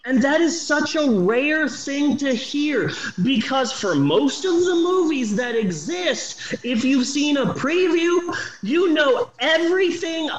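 Animated high-voiced man gushing about movies. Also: takes it slowly, roomy sound, muffled recording. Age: 40s. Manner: animated, swears a lot, enthusiastic. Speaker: podcast co-host reviewing movies. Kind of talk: casual profane movie review chat.

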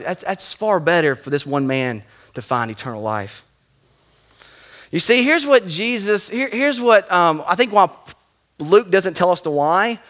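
A male pastor preaches to his congregation with a high, sharply bright voice. He is animated, rising to loud emphatic lines and then dropping almost to a whisper. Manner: animated, swings from loud to hushed. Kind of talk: sermon.

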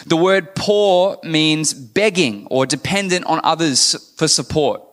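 Man, pastor, sermon, candid and chatty, raised pitch, long hall echo. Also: slow, a bit bright. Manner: candid and conversational, asks the congregation questions.

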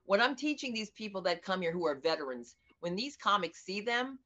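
Middle-aged woman comedian, sharp bright voice, animated and outspoken, dull lo-fi audio. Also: medium pitch, fairly quick. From United States. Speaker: stand-up comedian and comedy teacher. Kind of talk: conversational interview over video.

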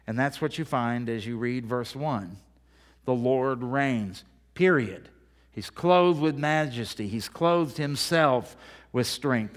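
A man preaching a sermon, building emphasis through repeated phrases and mixing in folksy, humorous asides. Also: a little high. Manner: emphatic preaching with rhetorical repetition. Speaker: pastor.

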